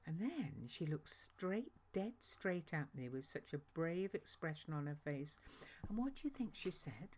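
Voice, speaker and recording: In a dramatic monologue reading, a woman voices a chatty, awestruck angel messenger recounting a visit in a rambling, conversational way. She stumbles over asides and self-corrections. Her voice sits low with big pitch swings, an unhurried pace and a darkish tone, over slight background noise.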